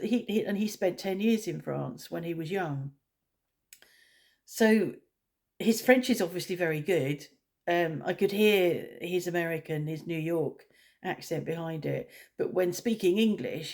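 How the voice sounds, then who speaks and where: Woman vlogging, deep gravelly voice, rambling and blunt about stuff. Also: darkish tone. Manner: opinionated, blunt. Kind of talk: casual rambling chat.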